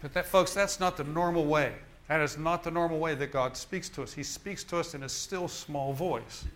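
A man's voice: a little high, normal speed, a bit bright. A male minister preaching a sermon in an emphatic, repetitive style, often restarting his phrases.

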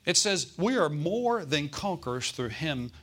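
A man preaching a sermon as pastor, calling out to the congregation and slowing down to stress scripture verses. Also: on the high side, very animated, a bit bright. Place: church.

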